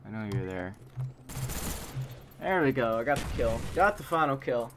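Young male gaming commentator, excitable and easily frustrated, mid-pitched voice, game gunfire clearly in the mix. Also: normal speed, noisy background. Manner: excitable, frustrated exclamations and muttering. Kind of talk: live gameplay commentary.

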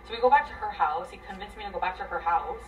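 A woman venting a tangled relationship story, profane and rambling, her voice swinging between loud bursts and near mutters. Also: medium pitch, quick pace, distant mic, dull audio, a little hiss or hum. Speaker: guest telling her story. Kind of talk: emotional venting.

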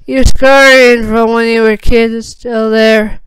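A woman voicing a stern, protective male potions professor while reading fan fiction aloud, slowly and evenly. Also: on the high side, smooth, no echo, close to an everyday voice, poor audio. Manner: slow, even reading.

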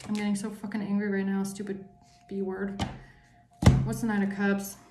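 A woman's voice: medium pitch, monotone, normal speed, roomy sound, music in the background. A woman doing a tarot reading for her viewers, angry and emphatic, swearing often. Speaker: tarot reader.

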